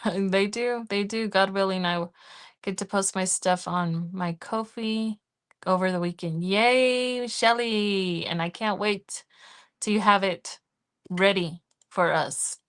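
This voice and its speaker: A middle-aged woman talks to her live viewers from home in a loose, easygoing way. She takes her time, letting each phrase come out at a leisurely pace. Her pitch sits right in the middle, and she chats warmly while tallying up cash. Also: takes it slowly, clean tone. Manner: chatty and easygoing, counts cash aloud. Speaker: budgeting livestream host. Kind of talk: casual live-stream chat.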